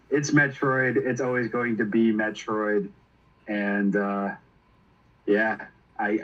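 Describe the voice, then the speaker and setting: A man's voice: medium pitch, fairly bright tone, muffled recording. A young man chatting as a co-host, enthusiastic and swearing casually. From Italian heritage. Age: young adult. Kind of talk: casual chat.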